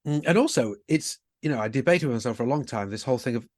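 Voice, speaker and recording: A British man, a singer guest, talking in a relaxed interview and telling stories with lively ups and downs. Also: no echo, studio quality. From Britain. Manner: chatty, animated storyteller with quick bursts of pitch. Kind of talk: casual interview chat.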